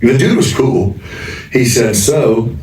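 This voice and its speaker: A man's voice: mid-range voice, takes it slowly, darkish tone, echoey room, distant mic, a little hiss or hum. A male podcast host telling a rambling anecdote in casual chat. He swears freely and laughs as he goes.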